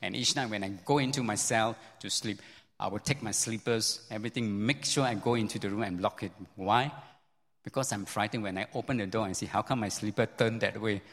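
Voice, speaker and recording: A man preaching a sermon as a pastor, telling the story in an animated way with many repeats and sudden jumps up in pitch. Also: brisk. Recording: long hall reverb.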